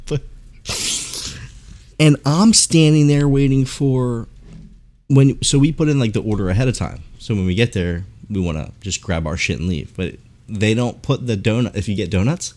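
A man hosting a podcast, telling a profane, animated story in casual chat and acting out the people in it. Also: fairly low pitch, brisk. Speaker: podcast host.

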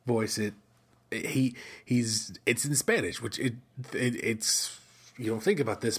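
A middle-aged man from the United States hosts a casual solo podcast in a mid-range, slightly bright and rough voice. He rambles conversationally, full of fillers and restarts.

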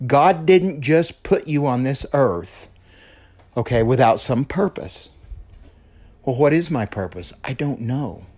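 A man's voice: medium pitch, animated, slow, a little mellow. A man hosting his own podcast, telling a personal story in an earnest, repetitive way and often checking in with the listener. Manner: earnest, repeats himself, checks in with "okay?". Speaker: podcast host. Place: lives in West Texas.

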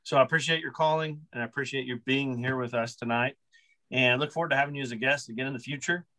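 A man with a Texan accent hosting a podcast, wrapping up with warm, repetitive praise for his guest. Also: medium pitch, fairly even intonation, fast talker, rough recording. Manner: warmly praising, repeating himself. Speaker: podcast host. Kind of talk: casual podcast wrap-up.

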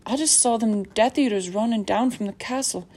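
A woman voicing a big, gruff, half-giant groundskeeper who talks loudly in a rough rustic dialect. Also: a little high, normal speed, voice pushed up. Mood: alarmed.

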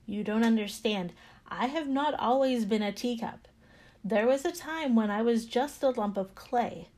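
A woman's voice: a little high, measured pace, darkish tone. A woman voicing a talking teacup, once a lump of clay, who cries out in distress in a storybook parable.

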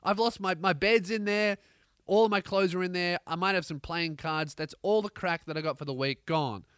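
A man with an Australian accent, a comedian hosting a podcast, telling a profane, rambling story with animated energy. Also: sits high, moderate pace, clean tone, no echo, studio quality. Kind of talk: comedic rant.

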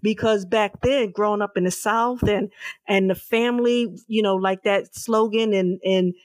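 A middle-aged woman, an author, earnestly recounting her family's past as an interview guest, slow and emphatic with repeated words. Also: medium pitch, fairly even intonation, no room sound. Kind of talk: personal storytelling in an interview.

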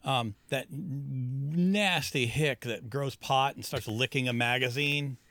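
A man's voice: medium pitch, slow pace, bright, forceful tone, no echo. A man co-hosting a casual movie podcast, rambling through his points with loose, chatty phrasing. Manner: rambling, lots of fillers and restarts. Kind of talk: casual chat.

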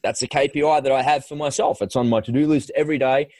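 A man hosting a podcast, chatting casually in quick bursts with frequent restarts. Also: medium pitch, fairly even intonation, darkish tone, no echo. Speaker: podcast host. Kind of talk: casual conversational chat.

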